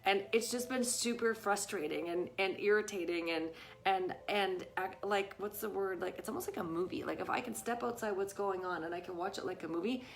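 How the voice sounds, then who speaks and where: With vocal fry and a medium pitch, a middle-aged woman talks a little fast to her live-stream viewers from home, where a dog is nearby. The phone or camera captures her chatty style, peppered with "you guys" and "right?".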